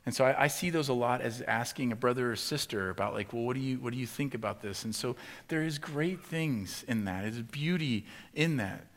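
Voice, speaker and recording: A man preaching a sermon, acting out frustrated questions in a raised, animated voice and then turning quiet and earnest. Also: mid-range voice. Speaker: pastor.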